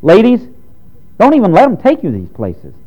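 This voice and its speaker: Lively preaching man in his thirties. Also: high-pitched, normal speed, highs cut off. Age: 30s. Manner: preaching with rising and falling emphasis, direct and frank. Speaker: pastor. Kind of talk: sermon.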